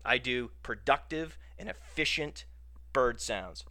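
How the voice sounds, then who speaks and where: Bright-voiced man, mock-indignant podcast host. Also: mid-range voice, lively intonation, takes it slowly, no room sound. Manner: playfully indignant, mock-outraged. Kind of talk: casual solo podcast talk.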